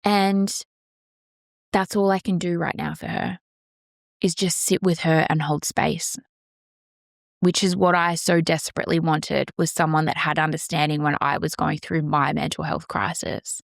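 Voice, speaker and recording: A woman with a fairly low voice hosts a solo podcast, speaking earnestly and with emphatic passion. Her voice is recorded close and dry, with no room sound around it. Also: level tone, unhurried, creaky, dry recording. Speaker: podcast host. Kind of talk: candid solo podcast monologue.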